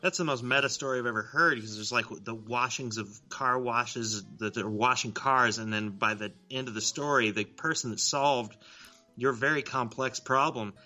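A man's voice: mid-range voice, moderate pace, pushed and bright, faint music behind. A man co-hosting a podcast in casual chat, rambling, poking fun at himself and swearing freely. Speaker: podcast co-host.

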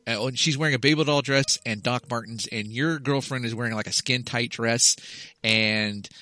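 A man in his thirties tells a long, meandering comic story with plenty of swearing. His voice is bright and forceful. The sound is dry and close, with almost no room sound. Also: mid-range voice, moderate pace, no room sound. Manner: rambling storyteller, swears freely. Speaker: podcast co-host. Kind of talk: casual comedic chat.

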